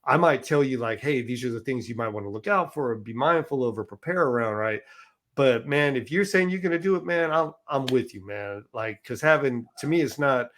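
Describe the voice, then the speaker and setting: A man appearing as a podcast guest, telling his story in a relaxed, conversational way and acting out what others said. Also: medium pitch, brisk. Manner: relaxed, conversational, acts out quoted dialogue. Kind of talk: casual storytelling.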